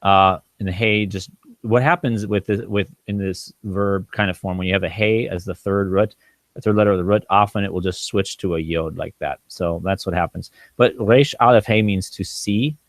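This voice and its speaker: Low-voiced man teaching Hebrew, halting. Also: steady tone, no echo. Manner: thinking aloud, halting with frequent ums and restarts; sounds out Hebrew words slowly syllable by syllable. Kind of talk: informal teaching walkthrough.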